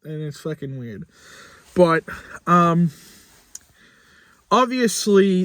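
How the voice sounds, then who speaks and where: Slow-talking young man rambling casually. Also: fairly high pitch, animated, a bit bright, no room sound, studio quality. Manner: rambling, swears casually, many fillers and restarts. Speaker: channel creator. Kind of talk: casual vlog talk.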